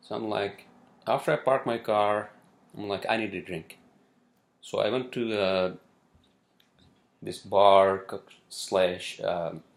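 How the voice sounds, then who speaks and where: A man with a low, gravelly voice vents to the camera in a loose, rambling monologue. He swears freely, trails off into fillers and repeats himself as his exasperation spills out. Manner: exasperated, swears often, many fillers and restarts. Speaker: vlogger. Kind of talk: casual ranting monologue. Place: city where he lives.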